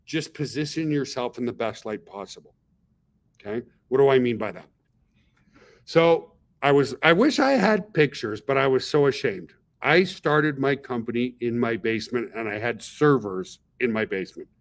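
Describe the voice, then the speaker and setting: A middle-aged company founder hosts a webinar in a medium-pitched voice with lively intonation and a moderate pace. He's chatty and casual, constantly checking in with listeners by saying "okay?" and "guys."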